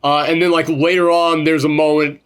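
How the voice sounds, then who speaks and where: A man co-hosting a casual film review chat, animated, swearing freely and mimicking characters as he goes. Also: fairly high pitch, a little fast, clear, resonant tone. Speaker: podcast co-host reviewing a film.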